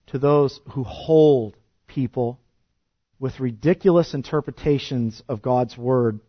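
A man's voice: medium pitch, dry recording. Impassioned preacher man, dry muffled sound. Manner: impassioned, rhetorical questions, wide swings of loudness. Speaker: pastor. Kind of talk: sermon.

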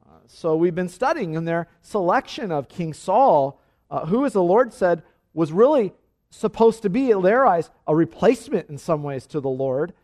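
A man reading a Bible passage aloud and then preaching on it in a measured, earnest way. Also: high voice, a little mellow. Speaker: pastor. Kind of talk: scripture reading and sermon.

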